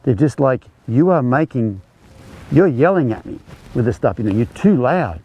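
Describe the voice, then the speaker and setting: A man's voice: medium pitch, big pitch swings, normal speed, husky, muffled recording. A man teaching a horsemanship clinic, explaining conversationally as he demonstrates groundwork with a horse. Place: outdoor ranch arena.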